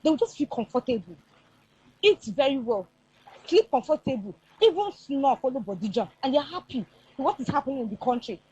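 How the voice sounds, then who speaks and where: A woman commenting in the studio in an exasperated, expressive way. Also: sits high, brisk, slightly rough, rough recording.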